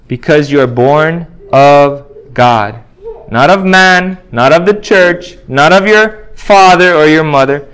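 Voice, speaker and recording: A man's voice: fairly high pitch, fairly bright tone, clear, resonant tone. A man preaching a sermon, earnest and insistent, reading scripture aloud and repeating key phrases for emphasis.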